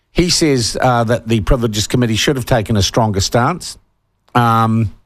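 A man in his sixties with a New Zealand accent, hosting talkback radio and reading out texts, indignant and emphatic as he gets worked up. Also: mid-range voice. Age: 60s. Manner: indignant, emphatic, growing heated. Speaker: talk radio host. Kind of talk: opinionated talkback radio monologue.

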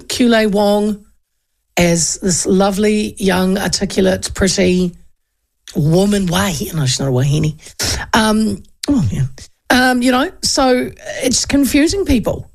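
Gravelly New Zealand woman in her fifties. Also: medium pitch, lively intonation, a little slow, a little mellow. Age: 50s. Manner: chatty and rambling, trails off into asides. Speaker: radio talk show host. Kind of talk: casual political commentary.

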